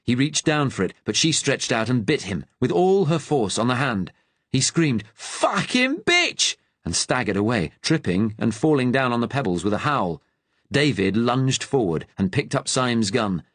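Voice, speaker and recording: A man narrating a wartime thriller audiobook in a steady, measured way. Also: mid-range voice, no echo.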